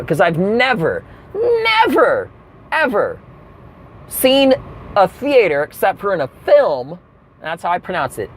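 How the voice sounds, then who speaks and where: A man's voice: on the high side, a little hiss or hum. A man telling a comic rant story, acting out the people he quotes. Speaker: comedian. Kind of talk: comedic rant monologue.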